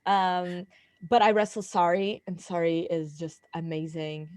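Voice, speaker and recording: A young woman guest on a podcast, telling stories with giggly excitement. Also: on the low side, unhurried, no echo. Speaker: guest wrestler. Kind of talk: casual interview chat.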